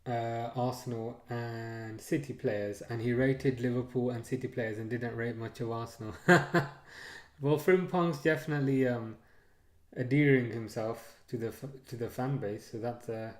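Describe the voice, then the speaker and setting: The sound is roomy as this live stream host talks unhurriedly in a medium-pitched voice during a match. He's easygoing, reading viewer chat aloud and responding, with frequent fillers as he trails off.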